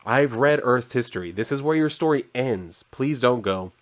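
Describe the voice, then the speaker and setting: A man's voice: medium pitch, expressive, normal speed, natural voice. A man reading as an earnest young superhero son. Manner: plainly read aloud.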